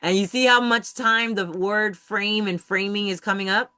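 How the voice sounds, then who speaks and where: A host with a bright, forceful voice leads a live online study session. The sound is dry and close, with no room around it. The host talks emphatically and keeps stopping to check that the group is following. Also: mid-range voice, fairly even intonation, moderate pace, clear, resonant tone, dry recording. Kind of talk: live video-call teaching session. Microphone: computer mic on a video call.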